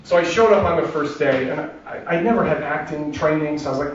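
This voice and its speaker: A man doing stand-up storytelling on stage, chatty and self-deprecating, with quick asides. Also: a little high, a little hiss or hum. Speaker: comedian performing a solo show. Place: theater stage before a laughing audience. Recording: distant, roomy, dull live recording.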